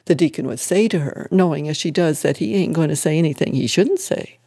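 Brief: arguing church sister, plain voice, voiced by the reader, mellow. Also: mid-range voice, lively intonation, brisk, breathy edge. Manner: argumentative.

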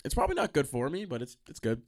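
A young man hosting a solo podcast, telling stories in a profane, animated, easily sidetracked way. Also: mid-range voice, fast talker. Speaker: podcast host. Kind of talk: solo rambling storytime podcast.

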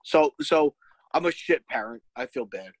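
A man's voice: mid-range voice, lively intonation, moderate pace, no echo, poor audio. A man chatting casually, telling an exasperated, profane story as a parent. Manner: shouts when quoting himself. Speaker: podcast host, parent. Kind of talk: casual chat.

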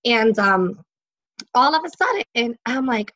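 A woman's voice: fairly high pitch, sing-song, slow, a bit bright, muffled recording. A woman psychic in an interview, telling stories in a chatty way, laughing often and using many fillers. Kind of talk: casual interview storytelling.

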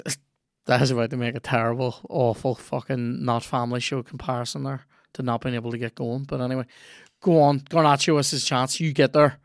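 Sweary gravelly man. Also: mid-range voice, no room sound, clean studio sound. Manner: sweary, rambling, reacts aloud to the game. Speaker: podcast host. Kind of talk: casual chat while playing a video game.

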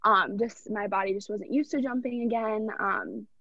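A woman's voice: medium pitch, moderate pace, gravelly, fairly bright tone, no echo. Young woman telling a story, muffled recording. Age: young adult. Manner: earnest, rambling, heartfelt retelling. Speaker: podcast guest, college athlete. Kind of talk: casual personal storytelling. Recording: dull, dry lo-fi recording.

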